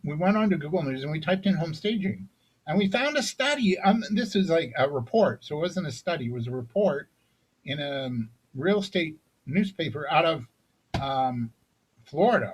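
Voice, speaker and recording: Husky man coaching on sales. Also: on the high side, low-quality recording. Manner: conversational, frequent "right?" tag questions and restarts. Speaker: business coach. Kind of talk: recorded sales seminar talk.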